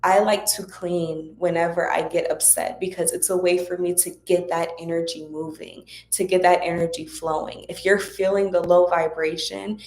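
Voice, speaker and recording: A woman with a low voice talks casually to her viewers, offering spiritual guidance in an encouraging, chatty way. Her voice rings around an echoey room. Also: little pitch movement, normal speed, hardly any pauses, darkish tone. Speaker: host of a spiritual Q&A livestream.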